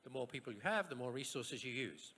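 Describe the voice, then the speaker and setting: A man from Australia giving a university science lecture, rhetorical and lively, with asides and short jokes. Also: mid-range voice, brisk, breathy edge. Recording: echoey lecture hall.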